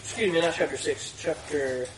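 Heard from a distant mic in a roomy room with background noise, a man with a slightly high voice reads Bible passages aloud at a moderate pace. Leading a small study group, he reads steadily and pauses to comment and explain in casual discussion.

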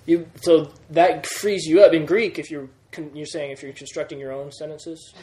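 A man's voice: fairly high pitch, fairly even intonation, moderate pace, darkish tone. Man teaching grammar in an echoey classroom. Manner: patient, repeats key points and checks understanding. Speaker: Greek teacher. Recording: roomy classroom sound.

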